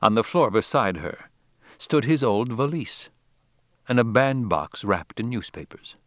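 A man narrating a classic novel as an audiobook, in a measured, deliberate reading style. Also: mid-range voice, lively intonation, dry recording, studio quality.

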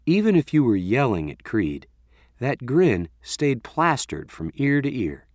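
Guy narrating a novel, really lively up and down voice, dry close mic. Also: mid-range voice, a little slow, dry recording. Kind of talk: audiobook narration.

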